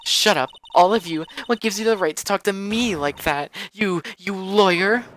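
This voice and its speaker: Man doing a shrill, whiny witness girl. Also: moderate pace, a bit bright, slight background noise. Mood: indignant whining. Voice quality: high, sing-song and whiny.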